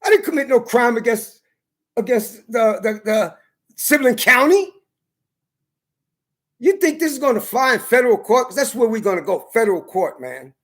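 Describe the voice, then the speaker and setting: A man's voice: very high-pitched, very animated, moderate pace, pauses often. A man ranting defiantly on video, hammering his points with emphatic repetition. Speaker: vlogger. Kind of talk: angry video rant.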